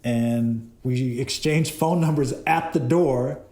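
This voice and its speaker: Cinematographer guest, lively storyteller, laughs a lot, voice a bit echoey. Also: male voice, mid-range voice, slow pace, slight background noise. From Boston. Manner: animated, laughing, retells exchanges. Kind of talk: casual storytelling interview. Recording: roomy echo.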